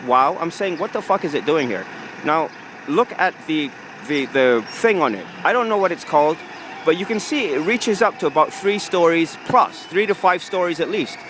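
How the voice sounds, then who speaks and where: Outdoors on a residential street, a man rants angrily into a handheld camera for his vlog, swearing heavily and dripping with sarcasm. His voice is high and fairly bright, with a little hiss or hum in the audio.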